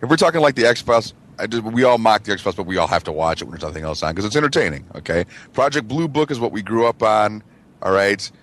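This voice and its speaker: A man's voice: lowish voice, big pitch swings, fast talker, fairly bright tone. A man co-hosting a talk radio show, ranting casually with lots of swearing and mocking. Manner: emphatic, swearing, mocking impressions. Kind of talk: casual profane chat.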